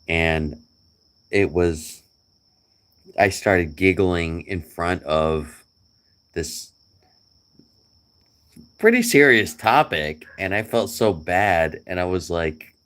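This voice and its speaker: A man's voice: low-pitched, a bit bright. A middle-aged man chatting casually to a friend, rambling and joking with chuckles. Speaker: vlogger.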